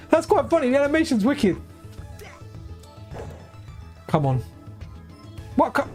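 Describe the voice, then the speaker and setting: A man with a light, high voice he calls feminine, rambling casually on a live stream while he plays, often asking "right?". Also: sing-song, very slow, long pauses, a little mellow. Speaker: game streamer. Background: faint game music.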